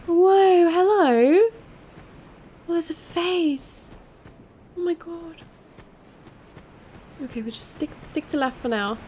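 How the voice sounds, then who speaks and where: A woman doing excitable, jumpy commentary while playing a game. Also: very high-pitched, slow, pauses often, slight background noise. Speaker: gaming streamer. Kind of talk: let's play commentary.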